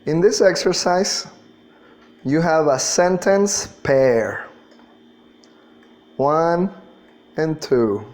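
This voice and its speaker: A man's voice: fairly high pitch, lively intonation, very slow, pauses often, a little mellow. A man teaching an English class, patiently drilling pronunciation and spelling words out letter by letter. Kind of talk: classroom lesson.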